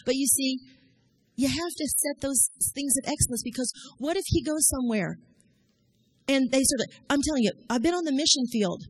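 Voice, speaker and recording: A woman's voice: sits high, lively intonation, normal speed, no echo. A middle-aged woman, giving a sermon in a folksy, storytelling way. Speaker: church speaker.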